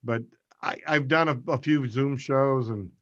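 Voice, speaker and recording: An older man, a comedian telling an animated story on a video call and swearing freely. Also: medium pitch, unhurried, no room sound, lo-fi sound. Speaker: comedian guest. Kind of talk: casual storytelling.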